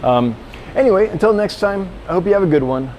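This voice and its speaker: A man's voice: sits high, lively intonation, fairly quick, darkish tone, a little hiss or hum. Chatty man touring his fish store. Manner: chatty, rambling, with frequent fillers and self-corrections. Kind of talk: casual store tour vlog.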